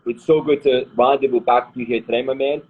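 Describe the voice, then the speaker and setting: A man's voice: mid-range voice, fairly even intonation, fast, slightly rough, narrow, tinny audio. A man hosting a casual live video chat, introducing his guest with hyped, effusive praise. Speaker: podcast host.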